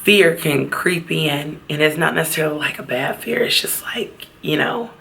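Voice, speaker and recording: Gravelly-voiced woman vlogging at a beach. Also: sits low, bright, forceful tone. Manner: halting, heartfelt, fighting back tears. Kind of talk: personal vlog talk. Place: outdoors at a beach.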